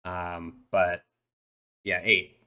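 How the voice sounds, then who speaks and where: A man's voice: low voice, level tone, extremely slow, sharp tone, smooth, heavily acted. A man playing a shy dolphin boy. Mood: shy, earnest. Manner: hesitant, full of ums and restarts. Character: shy eight-year-old dolphin boy. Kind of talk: tabletop role-play voice acting.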